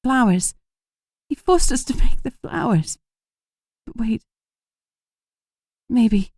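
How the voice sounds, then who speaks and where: Trembling, desperate elf mother in an audiobook, read by a woman in a raised, higher voice. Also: animated, takes it slowly, darkish tone, no room sound, clean studio sound, full character voice. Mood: weak. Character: frightened weakened elf mother, adult woman. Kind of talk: audiobook character voice.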